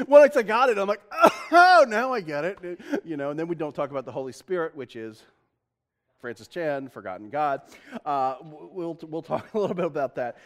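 A male pastor with a high voice gives a chatty, self-deprecating sermon. He laughs often, restarts his sentences, and talks easily to the congregation.

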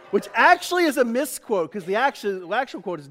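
A middle-aged man with a notably high voice delivers a loose, conversational sermon in a church. He jokes with his listeners and laughs often as he talks. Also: very animated, fairly quick, hardly any pauses, a bit bright. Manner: chatty and joking, laughing often. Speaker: pastor.

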